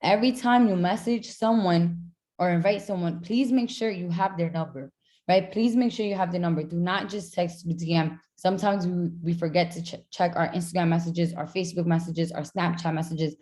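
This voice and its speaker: A woman coaching her team on a casual group call. Her voice is mellow and a little low, and she tags "right?" onto nearly every point. She acts out sample messages in a lifted, friendly tone. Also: normal speed. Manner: acts out sample chat messages in a brighter, upbeat tone. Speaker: network marketing team trainer.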